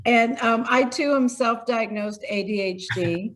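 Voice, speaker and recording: A woman's voice: a little high, measured pace, fairly bright tone, rough recording. An older woman, a grandmother, hosting a webinar and chatting over a video call.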